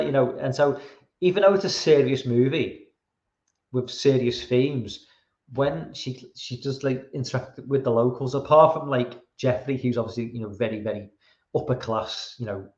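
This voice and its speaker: A man's voice: medium pitch, darkish tone, echoey room, highs cut off. Rambling British man reviewing films. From Britain. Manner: rambling, halting, swears casually. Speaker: podcast host. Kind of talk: casual rambling film review.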